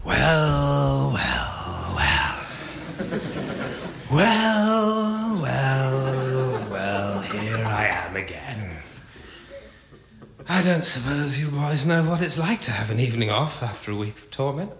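A man doing a slow, gravelly gloating villain. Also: mid-range voice, very animated, crowd noise, heavily acted. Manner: slow, drawn-out, mock-wistful. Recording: roomy, dull sound with hiss.

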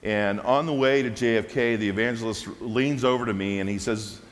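A man telling a personal testimony during a church service, animated and laughing at his own story. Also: lowish voice, fairly quick. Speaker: preacher sharing a testimony. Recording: long hall reverb.

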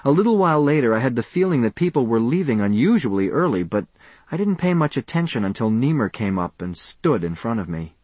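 A man narrating a first-person audiobook with an expressive, measured delivery. His voice is husky and swings widely in pitch. The recording is dry and close. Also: no echo.

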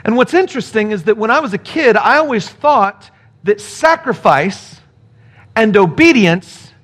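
A male pastor giving a sermon with scripture reading, playful and animated, acting out the characters. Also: high voice, measured pace.

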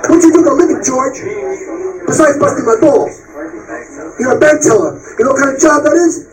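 A man's voice: very high voice, a little fast, far from the mic, rough recording. A man doing a brash seminar guru in broken English. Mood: boastful. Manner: broken English, insulting the crowd. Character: brash boastful male real-estate seminar guru. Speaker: stand-up comedian. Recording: stage mic heard from afar with crowd.

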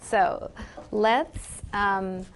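A woman with a medium-pitched voice and fairly even intonation leads a group workshop on memorizing Bible verses, teaching in a chatty, encouraging way peppered with "like" and "you know." She reads scripture aloud slowly, and there's slight background noise.

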